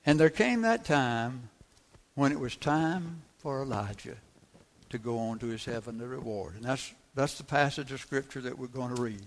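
A man's voice: medium pitch, expressive, normal speed. A man preaching a sermon, emphatic, repeating key phrases and asking the congregation rhetorical questions.

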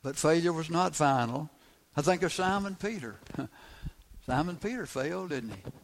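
Gravelly-voiced male preacher, emphatic. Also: on the high side, expressive, normal speed, slight background noise. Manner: emphatic, repeats key phrases, asks the congregation rhetorical questions. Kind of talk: sermon.

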